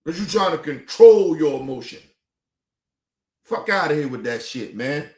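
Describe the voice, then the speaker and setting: A man's voice: on the high side, expressive, moderate pace, a little mellow. A man hosting a stream, reacting to a clip in a heated, profane rant full of repetition. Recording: echoey room.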